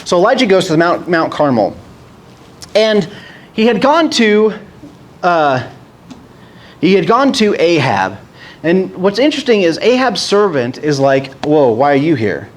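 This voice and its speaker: A man preaching a casual sermon, retelling stories in a rambling, animated way with many restarts. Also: high-pitched, measured pace, pauses often.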